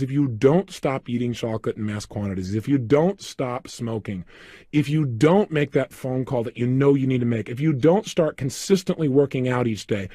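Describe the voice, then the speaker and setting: A man's voice: medium pitch, dark tone, breathy edge, no room sound, clean studio sound. A man coaching listeners through a self-help program, giving emphatic step-by-step instructions. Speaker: motivational coach. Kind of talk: recorded self-help seminar.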